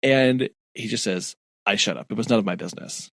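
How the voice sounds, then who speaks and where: A man's voice: lowish voice, fairly quick, gravelly, no echo, clean studio sound. A man co-hosting a podcast, chatting casually about a book and acting out character quotes. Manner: animated, acts out character quotes. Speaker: podcast co-host. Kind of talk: casual book-club chat.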